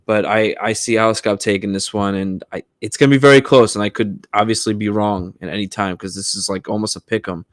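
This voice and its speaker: A young American man co-hosting a casual sports podcast, talking in a relaxed way with frequent restarts. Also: fairly low pitch, brisk, hardly any pauses, no echo, clean studio sound. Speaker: podcast co-host.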